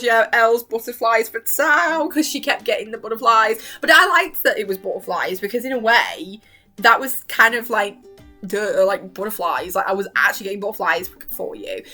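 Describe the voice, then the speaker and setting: A woman's voice: mid-range voice, bright, forceful tone. A young woman chatting casually about a TV show, laughing often and acting out lines in exaggerated voices. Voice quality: strained voice after long talking. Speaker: vlogger. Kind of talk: casual chat reviewing a TV show.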